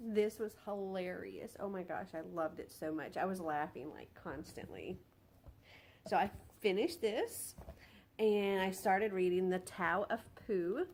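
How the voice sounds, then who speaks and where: A woman's voice: medium pitch, measured pace, slight background noise. Bubbly young woman book vlogger. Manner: bubbly, excitable, giggly. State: tired. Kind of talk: casual vlog chat.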